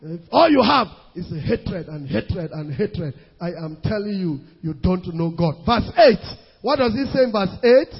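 A male preacher delivering an emphatic sermon. He stretches scripture quotes out slowly and rises into shouts. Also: high-pitched, animated, husky, soft background music. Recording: lo-fi recording in a reverberant hall.

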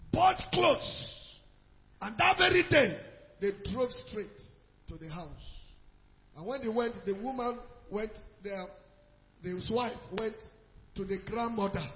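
A Nigerian man preaching in church, telling a story in a sermon and rising to shouts for emphasis. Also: high voice. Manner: animated, rises to shouts for emphasis. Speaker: pastor. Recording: echoey hall, dull lo-fi sound.

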